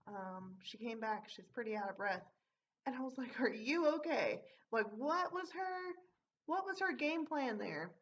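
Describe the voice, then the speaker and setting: A woman's voice: fairly high pitch, a bit bright. A young woman telling a story from her old job in a casual, rambling way, with many fillers and some swearing. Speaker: vlogger. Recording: dull lo-fi audio.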